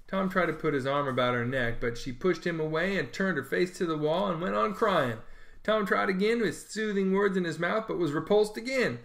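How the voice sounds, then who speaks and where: A man reads a classic novel aloud in an even, expressive way. His voice sits a little on the high side. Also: moderate pace, gravelly. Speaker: narrator. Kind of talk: storybook reading.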